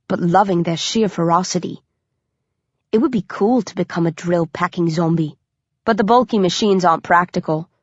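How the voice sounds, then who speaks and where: A woman reading a first-person audiobook aloud with lively storytelling and a sly, dry humor. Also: on the low side, no room sound. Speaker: audiobook narrator. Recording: dull lo-fi dry recording.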